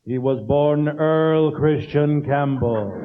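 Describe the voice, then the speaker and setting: A man imitating a deep, solemn male narrator of old sports highlight films, speaking slowly and grandly. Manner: slow, grand, dramatic delivery. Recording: dull lo-fi tape with noise.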